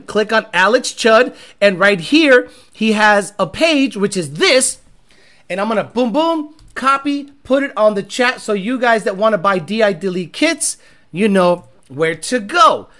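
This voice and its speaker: A man who tunes performance cars chats casually on a livestream, blunt and animated and swearing freely. His voice sits high and he takes his time.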